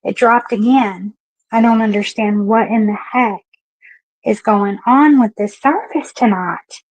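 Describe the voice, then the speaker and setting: A woman's voice: on the high side, measured pace, no echo, rough recording. Chatty Southern woman hosting a livestream. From Southeastern Kentucky. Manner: chatty, frank, greets viewers by name. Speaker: livestream talk show host. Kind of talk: casual live-stream chat.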